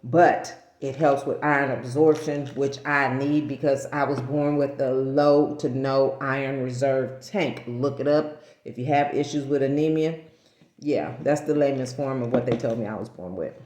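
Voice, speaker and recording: A woman's voice: rumbling low, steady tone, moderate pace, a little mellow. A woman vlogging casually and speaking to the camera. She rambles, corrects herself and laughs at her own stumbles. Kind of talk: casual talking-head vlog. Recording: echoey room.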